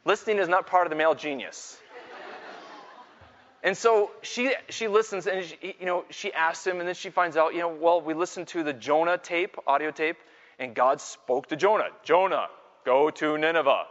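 Before a live audience in a large hall, a middle-aged man who teaches Scripture and speaks on Catholic faith tells self-mocking stories at a moderate pace, rising into loud exclamations. His pitch runs high for a male voice, echoing with long reverb. The recording sounds dull and low-fidelity.

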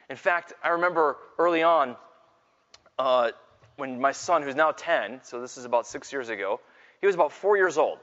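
A middle-aged man gives a lively faith talk to a full room, spinning self-mocking stories that climb into loud exclamations. His voice sits on the high side for a man, and it rings with a long reverb in a big hall. The recording is dull and lo-fi. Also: fairly quick. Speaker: Catholic speaker and Scripture teacher. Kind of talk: live faith talk with storytelling. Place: large hall with a live audience.

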